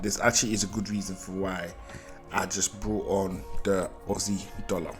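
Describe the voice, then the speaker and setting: A man's voice: low-pitched, unhurried, bright, forceful tone, soft background music. A man giving a live market analysis, thinking aloud and repeating phrases, often checking in with "right?". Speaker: trading analyst.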